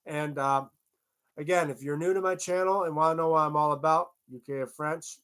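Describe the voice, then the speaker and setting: Male streamer, rambling casual chat, some swearing, slightly high voice. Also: fairly even intonation, a little fast, a bit bright. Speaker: livestream host.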